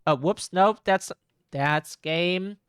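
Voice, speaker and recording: A man's voice: sits high, slow pace, a bit bright, smooth, no room sound. A man streaming a horror game live, commenting in sarcastic, exasperated asides.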